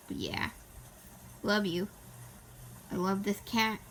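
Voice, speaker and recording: A woman's voice: medium pitch, slow, pauses often, a little hiss or hum. A woman vlogging at home, talking to her cat in doting baby talk with sing-song repetitions. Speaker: pet vlogger. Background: soft rain sound playing.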